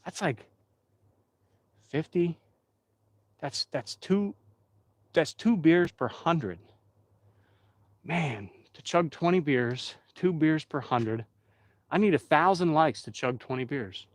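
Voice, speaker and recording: A man's voice: a little high, expressive, takes it slowly, pauses often, dry recording. Chatty man live-streaming. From Pennsylvania. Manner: rambling, chatty, talks straight to the chat. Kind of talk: casual live-stream chat.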